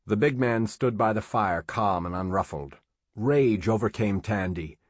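Reading an audiobook, a man with a fairly low pitch keeps his storytelling steady and measured. The recording is dry.

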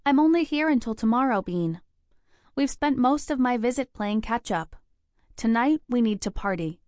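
A woman doing a bubbly young best friend in her twenties, lifting her voice higher and brighter for an upbeat, teasing, sing-song delivery. The audiobook recording is close and dry, with no room sound. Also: lively intonation, normal speed, no echo, close to an everyday voice. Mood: playful. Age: 20s.

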